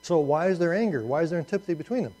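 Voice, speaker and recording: Male Bible teacher. Chatty, fairly high voice, loads of rhetorical questions. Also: animated, racing, darkish tone, rough recording. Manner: conversational, asks rhetorical questions, adds asides.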